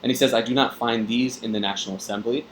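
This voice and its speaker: A man's voice: mid-range voice, steady tone, fast talker, a little hiss or hum, low-quality recording. A man tutoring through a reading passage in a conversational way, with frequent fillers and tag questions. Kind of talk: test-prep reading explanation.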